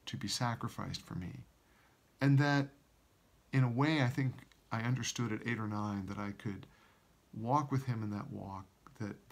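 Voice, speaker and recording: A man giving a church devotional message, earnest and halting, often repeating words as he reads a story aloud. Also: lowish voice. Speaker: church minister.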